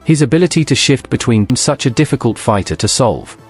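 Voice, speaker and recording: A man reading formal, scripted sports narration in an even, measured manner. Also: medium pitch, husky, soft background music.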